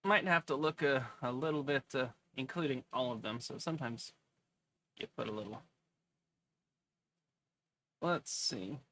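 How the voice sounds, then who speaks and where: A man's voice: medium pitch, unhurried, pauses often, bright, forceful tone, a little hiss or hum. A man hosting a casual stock video, chatting and reading a filing aloud with jokes. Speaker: host.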